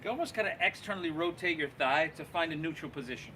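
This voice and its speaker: A man guiding a live yoga class, cueing poses and breaths in an encouraging, relaxed and folksy way. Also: fairly high pitch, quick pace, a little hiss or hum. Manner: relaxed, folksy, says y'all. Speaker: yoga instructor.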